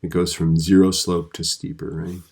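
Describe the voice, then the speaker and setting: Man, very low voice, gravelly and husky, physics teacher, chatty video lesson. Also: flat delivery, moderate pace, a little mellow. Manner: conversational, often checks in with "right?".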